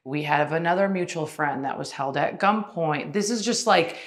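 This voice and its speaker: A woman's voice: low voice, normal speed. A woman podcast host speaking in a supportive, reflective way with her guest. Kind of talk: interview conversation.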